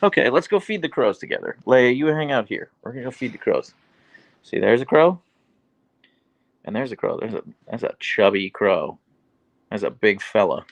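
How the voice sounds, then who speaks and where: A dog owner hosting a casual livestream chats easily while reading and answering viewer comments about his dogs. His medium-pitched voice swings widely in pitch at a normal speed, with no echo but poor audio.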